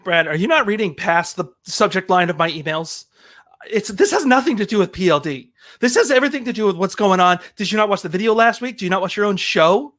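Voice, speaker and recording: A man's voice: sits high, lively intonation, fast, a bit bright. A man playing a frazzled, stammering competitor who complains about being harassed in a scripted comedic segment. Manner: frantic, stammering, whiny. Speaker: suspended competitor.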